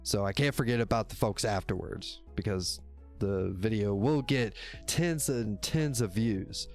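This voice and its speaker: A man with a darkish voice on the low side talks at a measured pace over soft background music. It's his own casual livestream, picked up by a desk microphone, and he rambles, corrects himself, curses a lot, and laughs frequently.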